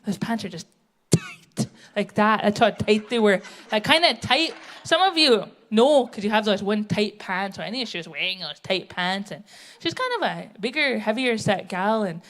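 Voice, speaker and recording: A woman's voice: medium pitch, animated, normal speed, fairly bright tone. A middle-aged woman from the United States doing a blunt, brash stand-up set on a theatre stage, speaking into a stage microphone. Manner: blunt, brash, tell-it-how-it-is. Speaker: stand-up comedian. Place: theatre stage, live audience.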